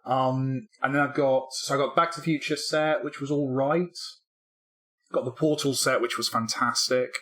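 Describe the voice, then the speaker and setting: Bright-voiced man chatting casually. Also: medium pitch, fairly even intonation, normal speed. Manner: rambling, self-deprecating, many fillers and restarts. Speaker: podcast co-host, game developer. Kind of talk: casual chat.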